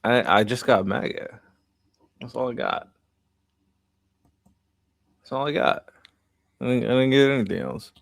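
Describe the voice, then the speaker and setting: A man's voice: mid-range voice, expressive, measured pace, gravelly, long pauses. A man streaming casual, sarcastic reaction commentary on a hearing clip. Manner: joking, sarcastic asides.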